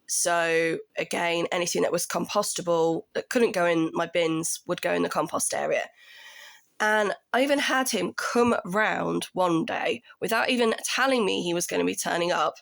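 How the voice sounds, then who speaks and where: A woman's voice: on the low side, normal speed, creaky, a bit bright. A woman in her thirties, a tenant telling her story in a casual, indignant rant that climbs into raised exasperation.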